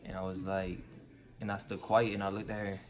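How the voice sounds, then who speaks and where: A man's voice: deep voice, flat delivery, fairly quick, over music. A teenage man, telling his story casually and quoting his parents in slangy talk. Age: teens. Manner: laid-back, slangy, quotes his parents.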